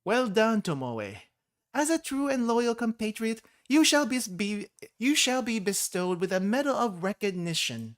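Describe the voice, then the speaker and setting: A man's voice: high-pitched, very animated, measured pace, voice pushed up. A man voicing a tiny, self-important girl student president in a grand, proclaiming manner. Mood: grandiose.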